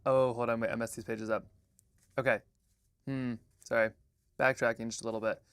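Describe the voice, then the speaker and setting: A man's voice: mid-range voice, little pitch movement, brisk, fairly bright tone, smooth, no room sound. A man hosting a livestream in a casual, rambling way, chatting with viewers and stopping often to apologize and restart. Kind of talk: casual livestream chat and read-through.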